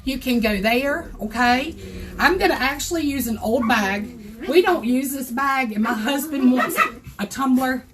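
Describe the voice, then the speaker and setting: Hoarse, high-voiced Southern woman, folksy. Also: measured pace, crowd noise. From South Carolina, USA. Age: older. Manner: chatty, folksy, greets viewers by name. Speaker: crafting livestream host. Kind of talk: casual livestream tutorial. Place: home craft room.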